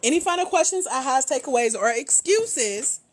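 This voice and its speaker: A woman's voice: sits high, normal speed, a little hiss or hum. Chatty, teasing woman livestream host. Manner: chatty, teasing, slangy and relaxed. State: tired, low energy. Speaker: host, grant coach. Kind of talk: casual livestream chat with viewers. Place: walking around at home.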